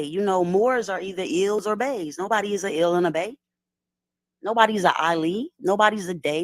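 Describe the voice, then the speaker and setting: A woman from lays out her points, relaxed and conversational. She keeps checking in with her listener. The sound is close and dry. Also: medium pitch, a little fast, dry recording. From Detroit, USA. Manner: explanatory, asks "right?" often, street slang. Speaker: guest. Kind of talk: casual conversational lecture.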